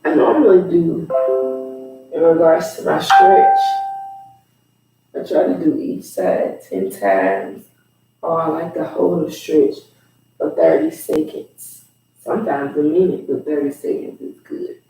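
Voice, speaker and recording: Slow, gravelly man coaching stretches at home. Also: fairly high pitch, faint music behind. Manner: relaxed, unhurried coaching with asides. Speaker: fitness instructor. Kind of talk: casual home workout instruction. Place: room at home. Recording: echoey room, far from the mic.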